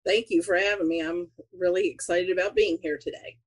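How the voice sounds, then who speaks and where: A woman's voice: on the low side, steady tone, brisk, breathy edge. A middle-aged woman with a Southern US accent, a pastor speaking as a guest on a podcast, friendly and laid-back in casual chat. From southeastern United States.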